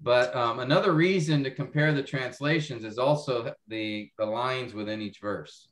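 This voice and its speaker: A man's voice: medium pitch, normal speed, reverberant. A man teaching a Bible class over a video call, explaining step by step and often checking that students follow. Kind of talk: online class lecture.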